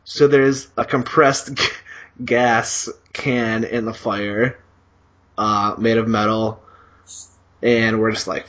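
A man's voice: fairly low pitch, little pitch movement, slow, pauses often, a bit bright. Man, podcast co-host, casual storytelling, swears a lot, rambling with fillers, slightly muffled audio. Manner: profane, rambling with many fillers.

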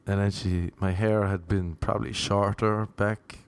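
A man's voice: lowish voice, flat delivery, measured pace, creaky, smooth, no room sound. A young Irish man telling a rambling, self-mocking anecdote in casual chat, slipping into voices for the people he quotes. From Ireland. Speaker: storyteller.

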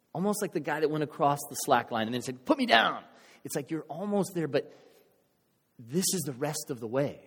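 In a church, a male pastor with a mid-range voice preaches a sermon, casually and animatedly recounting a story while performing the crowd's voices. The space has a long reverb tail.

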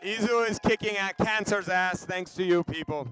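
A man's voice: high-pitched, normal speed, a bit bright, low-quality recording. A man giving a heartfelt, rhythmic speech at a wedding, rallying the crowd. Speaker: storyteller at a wedding.

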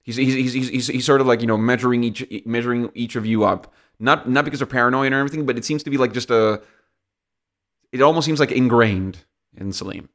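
A man as game master narrating a tabletop game, halting with lots of restarts. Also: medium pitch, fairly bright tone. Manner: halting, many restarts and fillers.

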